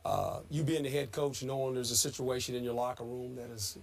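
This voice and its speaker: A man appearing as a guest and former coach, giving studio sports analysis in a halting way, often repeating words as he works through his thoughts. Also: mid-range voice, steady tone, vocal fry.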